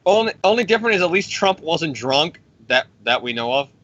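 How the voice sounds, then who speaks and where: A man's voice: a little high, big pitch swings, a bit bright, dull audio. A man casually recapping a comic storyline, rambling and profane, and briefly voicing the characters as he goes. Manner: rambling, profane, acts out characters in quick impressions. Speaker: comic book podcast host.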